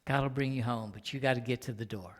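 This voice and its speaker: A man, a guest minister, preaching a sermon. He swings from hushed whispers to loud, emphatic lines and puts questions straight to the congregation. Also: medium pitch, fast. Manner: talks directly to the congregation with questions. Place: spiritual center sanctuary. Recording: long hall reverb.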